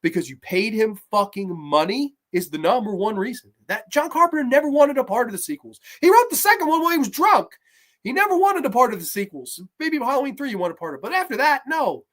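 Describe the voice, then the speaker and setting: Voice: very animated, fast. Foul-mouthed, sarcastic horror movie ranter. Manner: profane, sarcastic ranting; swings from low grumbles to loud mocking shouts. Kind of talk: ranting movie review.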